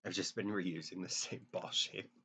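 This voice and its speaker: A man's voice: sits low, steady tone, moderate pace, bright, forceful tone, slight background noise. A man casually chatting with viewers while drawing on a live stream, joking and thinking aloud in a self-deprecating way.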